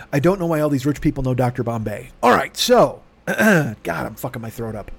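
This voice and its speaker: Hoarse 50s guy riffing solo at home, swearing a lot, cracking jokes at himself. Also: medium pitch, lively intonation, brisk. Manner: profane, rambling, self-mocking comic patter. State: hoarse from yelling. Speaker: podcast host. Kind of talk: casual solo podcast monologue. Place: home room with air conditioner.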